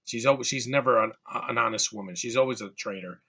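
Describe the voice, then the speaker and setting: A man's voice: medium pitch, fast, bright, forceful tone, husky. A man giving a casual, exasperated movie rant, often restarting and repeating words. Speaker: movie reviewer.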